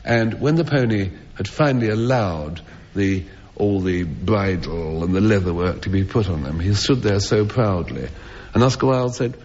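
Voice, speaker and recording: Male comic panelist, lively rambling anecdote, reverberant theatre on 1970s radio. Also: sits low, moderate pace. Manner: rambling, self-interrupting storyteller with chuckles. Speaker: comedy panelist. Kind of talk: comic anecdote told to a live audience. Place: theatre stage before an audience. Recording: old lo-fi radio broadcast with hall reverb.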